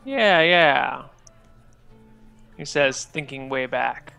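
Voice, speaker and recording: A man's voice: mid-range voice, expressive, very slow, creaky, sharp tone, smooth, faint music behind. A man narrating as game master in a tabletop role-playing game, with a casual, drawling manner.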